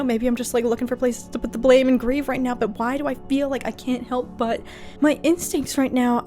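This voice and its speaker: A woman's voice: on the high side, warm tone. A woman giving casual reaction commentary to a TV episode, emotional and talking straight to her viewers. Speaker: TV reaction vlogger.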